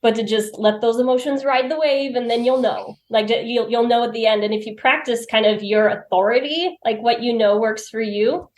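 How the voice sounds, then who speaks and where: A woman's voice: a little high, moderate pace, few pauses, a little mellow. Roomy-sounding chatty woman guest. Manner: chatty, laughs often, acts out her own remarks. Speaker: podcast guest. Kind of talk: personal storytelling in conversation. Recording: roomy echo.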